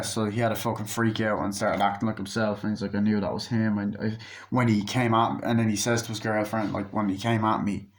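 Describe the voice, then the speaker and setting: Male reviewer, low-pitched, off-the-cuff film chat, rambles and curses. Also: fairly bright tone. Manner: rambling, swears freely, loses his train of thought. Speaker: movie reviewer. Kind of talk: casual spoken film review.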